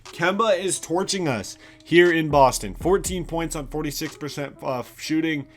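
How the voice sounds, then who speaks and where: A young man giving excited play-by-play commentary over a basketball video game, hyping big plays, sometimes yelling and casually swearing. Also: a little high, moderate pace. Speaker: gaming YouTuber.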